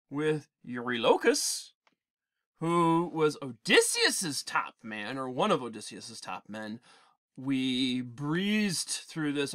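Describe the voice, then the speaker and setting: A male teacher giving an animated, digressive literature lecture in class, with frequent restarts. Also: medium pitch. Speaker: English teacher.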